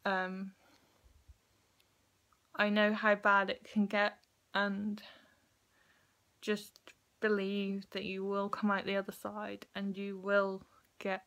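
A young woman talking to camera in a personal vlog, emotional and crying, with halting restarts. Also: medium pitch, monotone, a bit bright. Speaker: vlogger. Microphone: phone or webcam recording.

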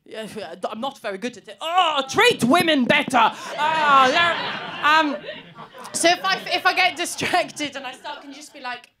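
Woman comic with a high voice, chatty, self-deprecating stage patter. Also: unhurried, pushed and bright, a faint crowd. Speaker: stand-up comedian. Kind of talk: stand-up comedy. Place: comedy club stage. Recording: live comedy club with audience laughter.

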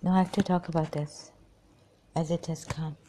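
A woman recounting memories in a halting personal monologue, pausing often, apologizing and trailing off. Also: deep voice, fairly even intonation, warm tone, a little hiss or hum. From Pakistan. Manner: hesitant, many pauses and apologies, trails off.

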